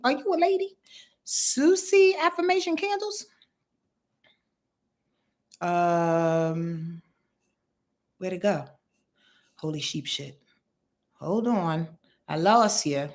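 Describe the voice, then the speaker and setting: Woman, astrologer host, casual live-stream chat, animated, emphatic, salty language, repeats words, mid-range voice. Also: medium pitch. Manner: frank and salty, swears in passing.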